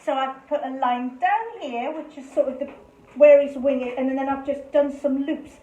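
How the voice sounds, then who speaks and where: A woman's voice: sits high, normal speed, mellow, highs cut off. Chatty woman teaching painting, echoey room. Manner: chatty, cheerful, talks through each brush stroke. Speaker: art teacher leading a paint-along. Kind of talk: live online painting lesson. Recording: echoey room with faint noise.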